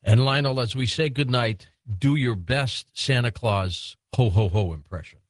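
A man's voice: mid-range voice, a little slow. A man hosting a late-night radio talk show, genial and chatty, laughing easily with his guests.

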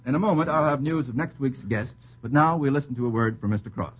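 A man's voice: medium pitch, slightly rough. A man hosting a radio quiz show, trading quips and laughing at his own puns. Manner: jokey, quick asides, laughs at own puns. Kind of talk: witty quiz-show banter. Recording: dull old radio broadcast with faint hiss.

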